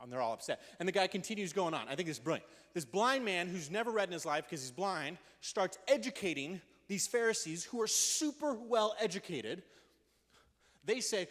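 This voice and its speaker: Energetic young pastor man in a reverberant hall. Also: sits high, a little fast. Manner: energetic and conversational, acting out quotes in voices. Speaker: youth pastor. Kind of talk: casual youth sermon. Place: church hall. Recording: long reverb of a large hall.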